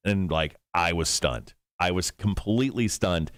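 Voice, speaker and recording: A man's voice: low voice, no echo, studio quality. A man co-hosting a radio show, chatting casually and laughing easily. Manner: animated, quick to laugh.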